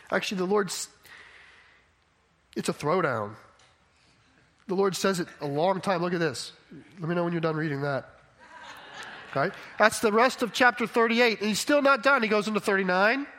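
A man with a notably high voice delivers a sermon in a relaxed, conversational way. He keeps checking in with his listeners as he explains his point. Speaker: preacher.

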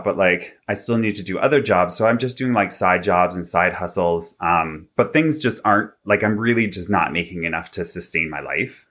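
Young man from Canada, low bright voice, casual filler-heavy storyteller. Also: normal speed, hardly any pauses. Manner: chatty, filler-heavy, animated when quoting himself. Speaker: interview guest.

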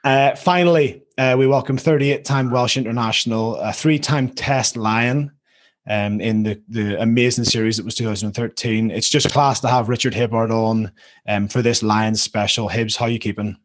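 A man's voice: medium pitch, steady tone, normal speed. Man, Northern Irish accent, podcast host, casual chat, teasing, lots of ums. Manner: chatty and joking, with many fillers.

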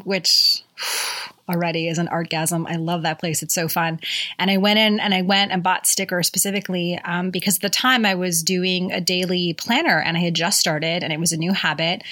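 A woman's voice: lowish voice, a bit bright. A woman in her thirties hosting her own podcast, talking candidly and chattily, with casual swearing and plenty of fillers. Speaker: podcast host. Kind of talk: casual solo podcast monologue.

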